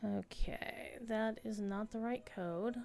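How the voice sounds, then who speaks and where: A woman's voice: medium pitch, takes it slowly, gravelly, a little mellow, soft background music. A woman live-streaming a video game, chatting casually with her viewers and reacting to the play. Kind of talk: casual live-stream commentary while gaming.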